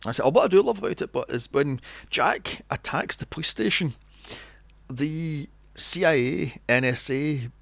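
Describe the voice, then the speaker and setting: Podcast host, male, slightly high and very animated delivery, mocking and profane. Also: normal speed, vocal fry, no room sound. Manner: animated, acts out scenes in mocking voices, swears often. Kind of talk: casual movie review chat.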